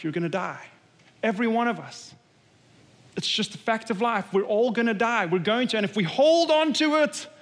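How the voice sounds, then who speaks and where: High-voiced pastor preaching in a reverberant hall. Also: male voice. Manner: earnest, emphatic preaching with dramatic drops to a low voice. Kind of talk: sermon.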